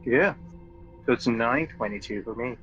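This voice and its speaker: Male friend on a stream call, easygoing and curious, medium pitch, faint music behind. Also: moderate pace, fairly bright tone, dull audio. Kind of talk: casual chat on a call.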